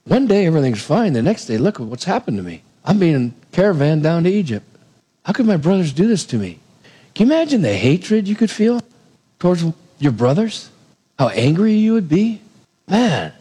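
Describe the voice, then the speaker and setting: Animated male preacher acting out a story. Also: on the high side, brisk, slightly rough. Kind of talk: sermon retelling a Bible story.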